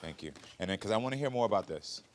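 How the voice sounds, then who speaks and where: A man hosting a daytime talk show, calmly probing and coaching the guests. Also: on the low side, very fast, a little hiss or hum. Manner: calm, probing questions, coaching tone.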